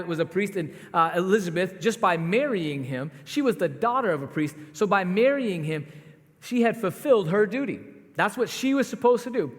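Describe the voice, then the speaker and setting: A man preaching a sermon as pastor, telling the story in a conversational, animated way with asides to the congregation. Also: sits high. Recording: long hall reverb.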